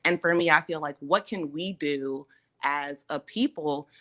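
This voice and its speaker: Unhurried and low-pitched, a woman leads a casual conversation while recounting a personal story with energy. Between lines she laughs, and she acts out each person she quotes.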